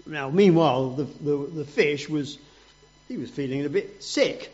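A man telling a story to a group of children in an animated, playful way. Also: fairly high pitch, unhurried, highs cut off.

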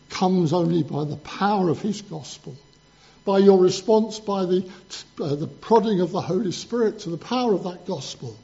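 A man preaches with earnest emphasis, stacking up repeated phrases to drive his points home. His voice is high for a man and mellow in tone. The recording is dull and lo-fi, with a faint mains hum behind him. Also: creaky. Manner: earnest, emphatic, building up lists. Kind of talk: sermon.

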